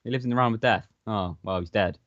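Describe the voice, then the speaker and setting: A man's voice: on the low side, fast, no room sound. A man co-hosting a casual podcast, sardonic and sweary, acting out little quotes as he talks. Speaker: podcast co-host. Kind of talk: casual chat. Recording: dull lo-fi mic.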